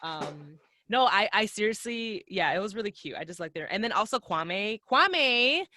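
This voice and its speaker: A woman's voice: medium pitch, normal speed, sharp tone, slight background noise. A woman hosting a casual podcast, rambling in slangy chat full of fillers. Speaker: podcast host.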